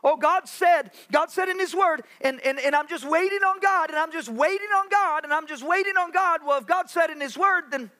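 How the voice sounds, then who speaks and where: High, bright-voiced preaching pastor. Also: male voice. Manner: preaching with dramatic pauses, acting out Bible voices. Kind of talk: sermon. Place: church sanctuary.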